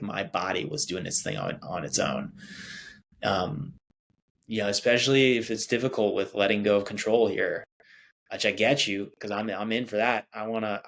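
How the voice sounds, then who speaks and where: A man's voice: lowish voice, gravelly, fairly bright tone. A man hosting his own show, leading a casual, chatty guided body scan meditation with sighs and small laughs. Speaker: podcast host.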